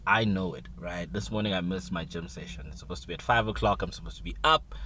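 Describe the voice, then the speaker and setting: A man's voice: sits low, fast, sharp tone, slight background noise. A man hosting a casual motivational monologue, conversational, with playful asides. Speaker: host.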